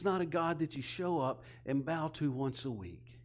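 A man preaching a sermon, retelling scripture with heavy pauses and swinging from loud urgent emphasis to hushed, near-whispered intimacy. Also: a little high.

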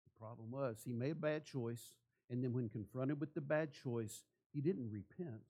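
A man's voice: medium pitch, normal speed, dark tone, slightly rough. A man preaching a sermon in church, asking the congregation rhetorical questions. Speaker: pastor.

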